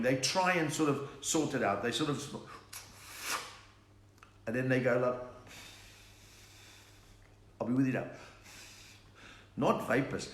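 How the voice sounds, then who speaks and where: A South African man, a comedian, hosting a live online chat, telling quick-fire jokes and laughing at his own lines. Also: medium pitch, a bit bright, echoey room, slight background noise. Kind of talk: live stand-up joke session. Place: room at home.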